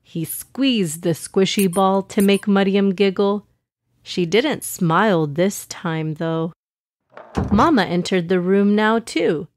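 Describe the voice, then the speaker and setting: A woman narrating a children's story in a gentle, expressive way. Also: mid-range voice, slow, noisy background.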